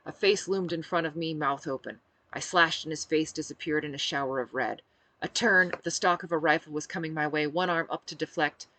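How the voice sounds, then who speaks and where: A woman author reading her own novel aloud with expressive, animated narration. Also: low voice, a little fast.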